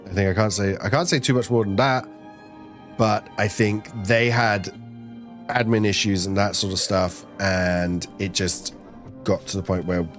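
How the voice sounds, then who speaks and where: A young man streaming a game on a team channel, chatting casually with his viewers in a rambling, playful way and now and then slipping into silly voices. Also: on the low side. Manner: rambling, playful, talks to himself and chat, breaks into silly voices. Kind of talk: casual live-stream chat while gaming.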